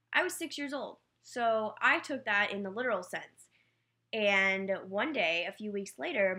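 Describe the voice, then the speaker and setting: A young woman telling a personal childhood story in a casual, candid way, with quick self-mocking asides. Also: mid-range voice, pushed and bright. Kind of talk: personal anecdote told casually.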